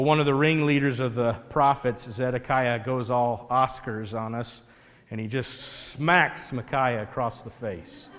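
A man giving a sermon in an animated, conversational storytelling way. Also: mid-range voice, long reverb tail. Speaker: pastor.

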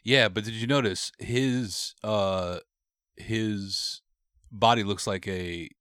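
A man's voice: on the low side, takes it slowly, clear, resonant tone, no echo, clean studio sound. A man co-hosting a podcast in casual chat, joking and swearing heavily. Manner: animated, joking, heavy swearing. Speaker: podcast co-host.

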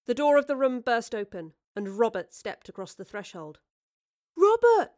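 A woman narrating a storybook with a measured, expressive reading. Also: on the high side.

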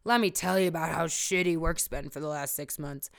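A woman voicing a chatty, complaining middle-aged uncle who greets warmly and then launches into complaints. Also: deep voice, fairly even intonation, a little fast, vocal fry, clean tone.

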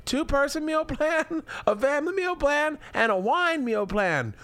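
A man putting on a high, drawling falsetto as a chirpy Southern wife boasting during an ad read. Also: lively intonation, measured pace, a bit bright, no room sound, exaggerated voice. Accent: American Southern, put on.

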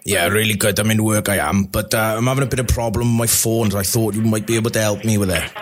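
A man's voice: on the low side, fairly even intonation, fast, lightly acted. A man putting on a chatty Welsh lad on the phone. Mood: cheery. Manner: rambling, overly familiar, hesitant fillers. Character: chatty Welsh lad, friendly, says bud. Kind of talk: prank phone call.

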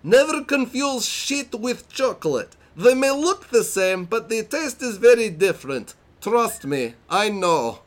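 A man reading lines aloud in a deliberately over-the-top put-on foreign accent, slow and pompous. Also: sing-song. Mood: hammy. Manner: overdone mock accent, slow and high.

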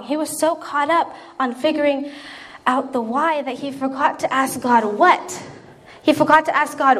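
A woman's voice: high voice, moderate pace, fairly bright tone. A young woman preaching a sermon in an earnest, conversational way, acting out prayers as she goes.

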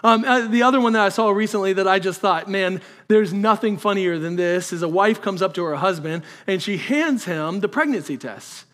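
A man's voice: high voice, moderate pace, few pauses, fairly bright tone. A man, a pastor preaching a sermon in a conversational way that builds to emphatic peaks.

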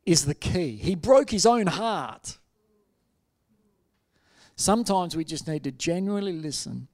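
A middle-aged man, preaching a sermon and telling stories with lively, acted-out quotes. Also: a little high. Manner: animated storytelling, acts out quoted voices. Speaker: pastor.

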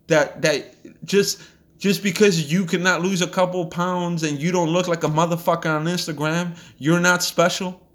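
Profane ranting man, slightly high voice. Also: steady tone, moderate pace, a bit bright. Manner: profane, blunt, heated. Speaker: podcast host. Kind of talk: ranting motivational monologue.

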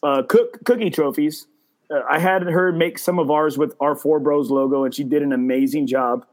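A man's voice: fairly high pitch, moderate pace. A man hosting a casual podcast, telling a story with lots of swearing and stumbling restarts. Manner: storytelling with profanity and repeated restarts; quotes others in a mocking voice. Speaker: podcast host. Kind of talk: casual chat.

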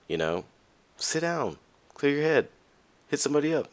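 A man hosting a podcast, talking candidly and casually to listeners, with frequent fillers and restarts, and his voice jumps up high when he stresses a point. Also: moderate pace, clean tone. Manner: lively, pitch jumps high for emphasis. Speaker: podcast host. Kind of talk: casual motivational monologue.

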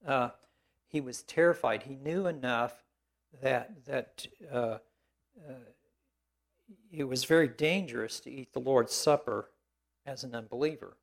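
A man delivers a biographical sermon in a gravelly, creaky voice at an ordinary pitch. He pauses often on fillers and restarts, and drops in dry asides along the way. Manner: halting, many fillers and restarts.

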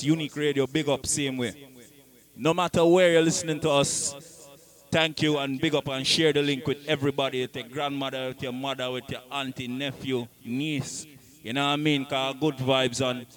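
A man hosting a radio mix show, giving laid-back, rambling shout-outs in patois. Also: mid-range voice.

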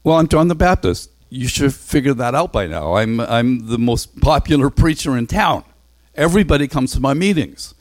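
A man's voice: medium pitch, expressive, normal speed, no echo, pitched above the performer's own voice, close to an everyday voice. A man playing John the Baptist, a bold and boastful wilderness preacher, in a Bible storytelling talk.

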